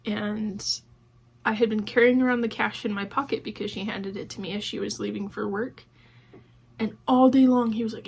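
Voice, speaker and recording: A woman's voice: mid-range voice, fairly even intonation, normal speed, creaky, darkish tone, slightly rough. A woman vlogger talking casually about her own life, acting out what people said with many "like"s. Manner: conversational, acts out quoted dialogue with many "like"s. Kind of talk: casual personal storytelling.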